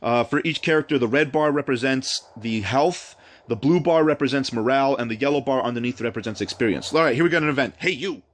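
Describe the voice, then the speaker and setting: A man doing let's play commentary, thinking out loud and reading the game's text aloud in a chatty way. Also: medium pitch, fast. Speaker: game streamer.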